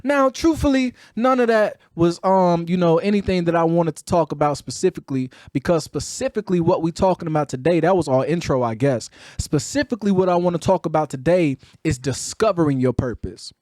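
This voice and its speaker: A man's voice: fairly quick, hardly any pauses, warm tone, no echo, studio quality. A man in his thirties hosting a motivational podcast, earnest and emphatic. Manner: earnest, emphatic, builds lists then drops low. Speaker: podcast host.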